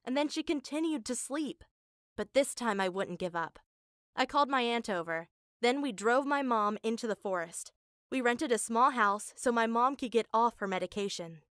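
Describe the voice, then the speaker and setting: A woman tells a first-person story in an earnest, emotional voice that sits on the high side. The recording is close and dry, with no room sound. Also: fairly bright tone, no echo. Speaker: narrator.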